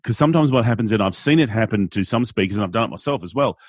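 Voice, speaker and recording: A man's voice: fairly low pitch, rapid-fire, dry recording, studio quality. An Australian man, an event MC, talking animatedly and playfully in an interview. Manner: animated, playful, acts out quotes in silly voices. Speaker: guest, event MC. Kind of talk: conversational interview.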